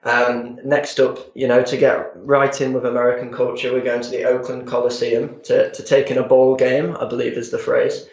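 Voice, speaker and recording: A man's voice: medium pitch, level tone, moderate pace, hardly any pauses, a little mellow. A man describing a tour itinerary in casual interview talk, hesitant with many fillers. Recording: muffled, roomy.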